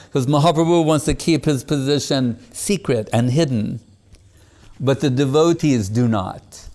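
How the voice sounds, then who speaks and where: A man's voice: mid-range voice, unhurried, dark tone. Man giving a devotional talk. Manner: retells stories, recites Sanskrit verses; chuckles often. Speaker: spiritual teacher. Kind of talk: devotional discourse.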